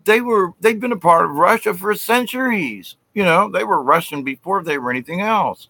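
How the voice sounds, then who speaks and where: Male host, casual rambling monologue, bright tone, dry close sound. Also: high voice, animated, normal speed, creaky, no room sound. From United States. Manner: rambling, self-interrupting, conspiratorial. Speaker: channel host.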